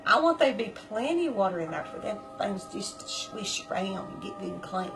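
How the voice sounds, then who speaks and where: A woman telling a story in a folksy, chatty, animated way to her viewers. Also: mid-range voice, fairly quick, vocal fry, music in the background, low-quality recording. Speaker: vlogger. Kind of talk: casual storytelling.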